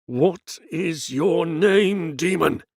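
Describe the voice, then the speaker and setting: A man voicing a middle-aged exorcist priest who bellows slow, commanding demands at a demon. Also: gravelly, dry recording, clean studio sound, full character voice. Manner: booming, commanding, drawn-out demands.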